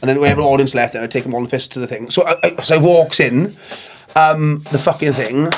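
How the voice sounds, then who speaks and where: A man hosting a casual pub podcast, telling sweary stories at speed and shouting out impressions of the people in them. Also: medium pitch, steady tone, quick pace. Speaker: comedy promoter and podcast host.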